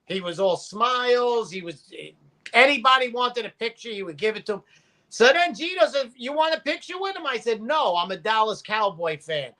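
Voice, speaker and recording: Guy, guest storyteller; punchy, bright tone, loud when he quotes people. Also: high voice, normal speed. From Brooklyn, New York. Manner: animated, profane, acts out quotes loudly. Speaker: podcast guest. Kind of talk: casual storytelling.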